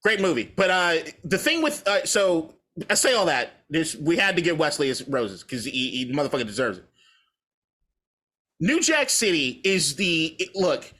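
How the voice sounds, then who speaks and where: A man's voice: sits high, bright, forceful tone. A man co-hosting a podcast, rambling through profane, opinionated movie talk in a casual debate. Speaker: podcast co-host.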